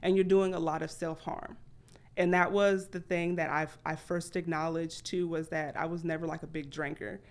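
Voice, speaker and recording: A woman guest on a podcast, talking candidly and acting out her past thoughts with sudden jumps in pitch. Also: level tone, moderate pace. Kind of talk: candid conversational storytelling.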